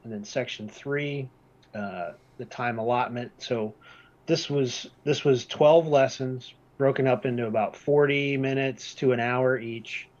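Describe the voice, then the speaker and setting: A man walks through a document section by section at a measured, deliberate pace. He slows down to repeat his key points for emphasis. The audio is slightly dull and lo-fi. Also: medium pitch, fairly even intonation, darkish tone. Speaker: presenter. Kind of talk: reading-based presentation.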